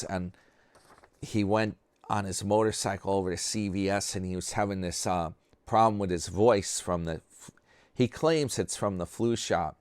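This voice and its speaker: A man's voice: fairly low pitch, clean tone, no echo, studio quality. A man hosting a commentary channel, talking casually and sarcastically in a rambling way about another creator.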